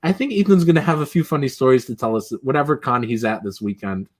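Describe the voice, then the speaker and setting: A man's voice: mid-range voice, fast. A man hosting a casual livestream, rambling and chatty, full of fillers and chuckles. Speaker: livestream host.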